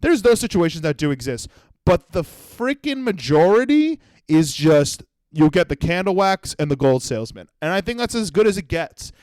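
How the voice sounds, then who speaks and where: A man's voice: on the high side, big pitch swings, fairly quick, hardly any pauses, darkish tone, dry recording. A man in his twenties hosting a solo comedy podcast, telling rambling, profane stories. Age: 20s. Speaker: podcast host.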